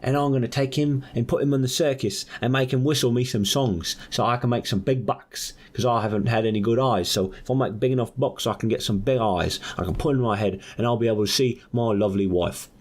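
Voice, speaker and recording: A man voicing a half-blind, greedy male circus schemer in a put-on Australian accent, shouting eager lines that open with "Oi". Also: medium pitch, a little fast, hardly any pauses, voice pushed up, close to an everyday voice. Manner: loud excited exclamations starting with "Oi".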